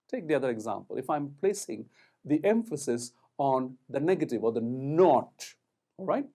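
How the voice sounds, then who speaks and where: A man giving a recorded lecture on communication skills, talking in a deliberate, emphatic way and stressing words for effect. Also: mid-range voice, big pitch swings, dark tone.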